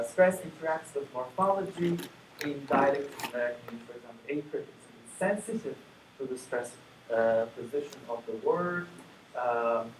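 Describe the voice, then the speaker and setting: A man giving an academic conference lecture, explaining in a relaxed, conversational way with dry asides. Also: medium pitch. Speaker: conference plenary speaker. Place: lecture room. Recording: echoey room from far off, faint hum.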